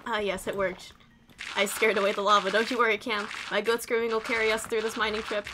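A woman's voice: mid-range voice, flat delivery, brisk, noisy background. A woman streaming a game, chatting playfully and laughing often as she reads chat and jokes with a friend. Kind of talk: casual gaming stream chat.

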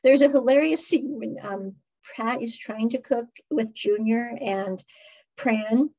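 Husky-voiced woman recapping a show. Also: fairly high pitch, slow, darkish tone, lo-fi sound. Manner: chatty, rambling, laughs often. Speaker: podcast host. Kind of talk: casual episode recap.

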